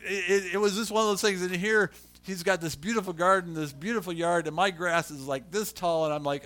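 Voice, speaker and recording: Man preaching, middle-aged, high voice, bright tone, animated storytelling, acts out voices. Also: fairly quick. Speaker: pastor. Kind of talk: storytelling sermon.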